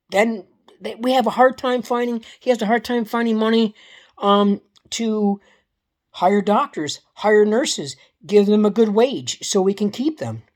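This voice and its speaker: A woman's voice: on the high side, darkish tone. A woman delivers a heated, profane political rant in a casual vlog, repeating herself and restarting sentences. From Canada.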